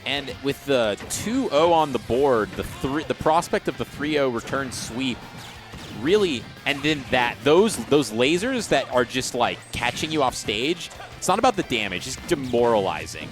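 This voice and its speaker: A male esports commentator with a very lively, swinging delivery, calling a match in a relaxed back-and-forth with his partner. Music plays clearly under his voice throughout the stream. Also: normal speed. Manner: lively, animated, jumps in pitch when excited. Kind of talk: casual play-by-play commentary.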